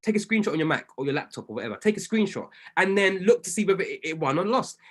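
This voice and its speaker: Lively excitable man coaching. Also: high voice, fast. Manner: excitable, self-correcting, apologizes often. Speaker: trading coach. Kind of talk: casual commentary while reviewing trades on screen.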